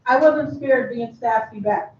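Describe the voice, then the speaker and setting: Speaking fondly in tribute at a memorial, a Kentucky woman laughs frequently between her lines. Her voice is fairly high and a bit mellow, her pace measured, and the room sound comes across echoey, distant, and muffled.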